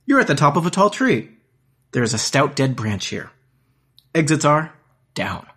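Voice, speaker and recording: A man acting as game master, narrating a text adventure aloud in plain, measured parser-style lines. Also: a little high, sing-song, pushed and bright, husky.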